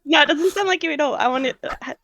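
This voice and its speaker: A woman's voice: sits high, quick pace, gravelly, fairly bright tone, dry recording. A woman chatting on a stream, playful and teasing. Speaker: co-host on a stream. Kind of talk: casual chat.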